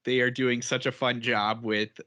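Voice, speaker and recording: A man's voice: medium pitch, level tone, a little slow, pushed and bright. A man co-hosting a podcast in casual chat, rambling and chatty and laughing often as he talks. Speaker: podcast co-host.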